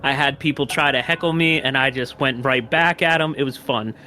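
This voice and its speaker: A man's voice: medium pitch, fairly quick, pushed and bright, soft background music. Rambling man telling a story. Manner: rambling, profane, many fillers and restarts. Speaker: podcast guest. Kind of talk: casual storytelling.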